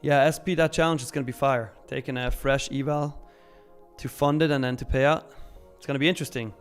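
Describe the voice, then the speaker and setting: A man's voice: medium pitch, fairly even intonation, a little fast, clear, resonant tone, soft background music. A young man hosting a live trading stream, chatting casually and upbeat as he reads viewer comments, laughing often and using slang.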